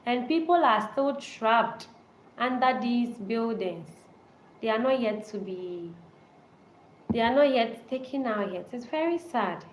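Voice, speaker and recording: A woman's voice: fairly high pitch, expressive, a little slow. A woman hosting a casual live-stream chat, speaking earnestly and restating short phrases over and over. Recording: echoey room with faint background noise.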